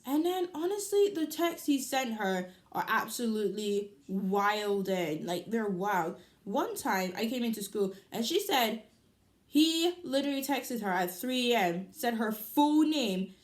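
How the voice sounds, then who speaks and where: A teenage girl telling a storytime on her vlog in a loud, animated, chatty way. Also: on the high side, measured pace. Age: teens. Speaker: vlogger. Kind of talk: casual storytime.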